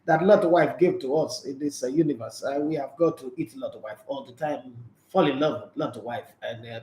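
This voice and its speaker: A man's voice: medium pitch, darkish tone, roomy sound. A man hosting a sports radio show, chatty and joking. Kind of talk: casual sports talk show.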